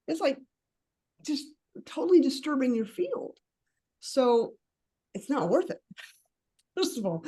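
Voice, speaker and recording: A woman leading an online coaching class, chatty and animated, laughing often and acting out conversations with clients. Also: mid-range voice.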